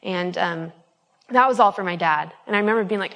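A young woman in her twenties talks through a faith testimony in a loose, earnest way, stopping on ums and starting her sentences over. Her voice sits at a middling pitch for a woman. A long reverb trails behind her, as in a large hall. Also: normal speed, a bit bright. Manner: earnest, rambling, many ums and restarts. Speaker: speaker giving a personal testimony.

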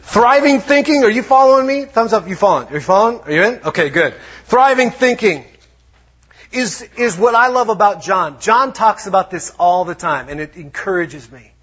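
Guy preaching a sermon, kinda husky, higher voice, bounces between quotes. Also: normal speed. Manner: lively preaching with acted-out quotes. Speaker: pastor. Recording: dull lo-fi sound.

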